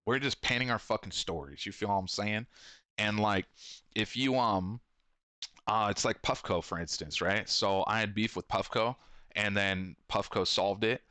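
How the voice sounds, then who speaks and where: A man's voice: on the low side, steady tone, moderate pace, pushed and bright, no echo. A man in his thirties talking casually, rambling, swearing a lot and acting out quotes as he tells stories. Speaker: podcast host and shop owner. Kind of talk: casual profane monologue.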